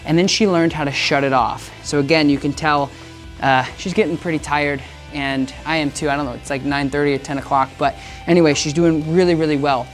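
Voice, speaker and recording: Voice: mid-range voice, fairly even intonation, fairly quick, faint music behind. A dog trainer talking casually through a leash session, upbeat and chatty, praising the dog again and again. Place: indoor room with a dog crate.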